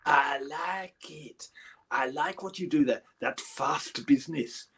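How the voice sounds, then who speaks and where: A man's voice: on the high side, takes it slowly, creaky, crowd noise. A man voicing an aloof older male violinist who speaks in a dry, condescending drawl.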